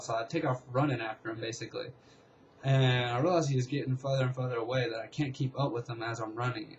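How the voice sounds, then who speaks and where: A young man casually telling a long story, rambling and excitable, with lots of fillers. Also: mid-range voice, a little fast, lo-fi sound, slight background noise. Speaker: vlogger.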